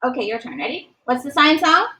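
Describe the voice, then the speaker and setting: Math teacher lady, high bright voice, slow and encouraging, sings bits to the class. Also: very animated, low-quality recording. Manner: encouraging, sings short note patterns to teach. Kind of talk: classroom lecture.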